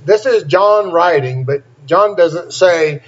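Man preacher, fairly high voice, scripture reading with emphatic asides, muffled lo-fi sound. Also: expressive, takes it slowly. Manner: reads scripture aloud and breaks in with plain, emphatic asides. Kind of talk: sermon. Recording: dull lo-fi recording.

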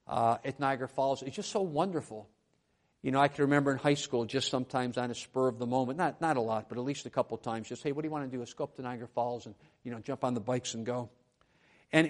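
A man preaching a sermon at a church lectern, moving between quiet conversational asides and loud, emphatic proclamations. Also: medium pitch. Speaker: pastor.

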